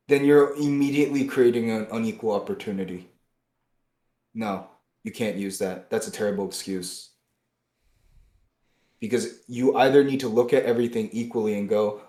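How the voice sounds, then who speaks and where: A man co-hosting a podcast, delivering a heated political rant that swings between loud outbursts and low muttering. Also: echoey room. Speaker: podcast co-host.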